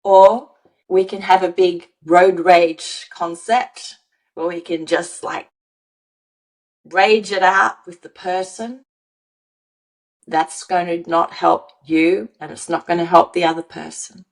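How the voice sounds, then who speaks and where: A woman's voice: fairly low pitch, steady tone, slow, poor audio. A woman who coaches emotional wellbeing and writes on it, a podcast guest giving a motivational teaching talk. She speaks earnestly and emphatically, repeats key words and acts out what example speakers might say.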